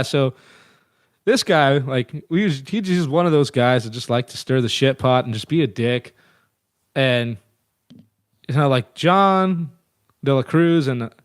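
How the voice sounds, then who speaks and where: A man's voice: medium pitch, no echo, studio quality. A man in his thirties telling band stories in a casual, profane, rambling way as an interview guest. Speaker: guest musician.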